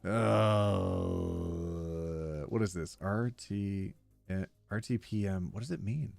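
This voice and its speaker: A man's voice: on the low side, normal speed, gravelly, dark tone, no echo, faint music behind. A man streaming live, reading online posts aloud in a casual, giggly way and stumbling over words as he reacts.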